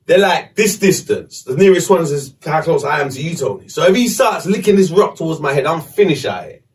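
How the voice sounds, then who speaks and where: A man's voice: fairly high pitch, a little fast, far from the mic. Slangy man telling a story. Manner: animated, swearing, slangy. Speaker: podcast host. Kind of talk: casual storytelling.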